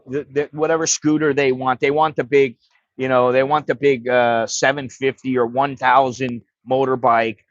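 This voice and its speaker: A man's voice: medium pitch, a bit bright, no room sound. A middle-aged American man telling stories on a livestream, blunt and profane, rambling and restarting his sentences. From United States. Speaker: livestream host. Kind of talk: casual livestream storytelling. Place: home livestream setup. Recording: dry, dull lo-fi stream audio.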